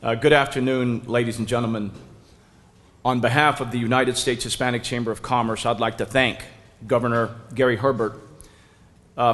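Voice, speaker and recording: A man's voice: medium pitch, fairly bright tone. A man giving a polished, courteous prepared speech as a business chamber president at a press conference. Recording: long reverb of a large room.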